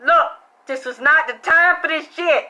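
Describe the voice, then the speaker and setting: High, bright-voiced cursing woman storyteller. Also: measured pace. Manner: blunt, heavy cursing, excitable. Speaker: psychic reader. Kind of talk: profane storytelling monologue.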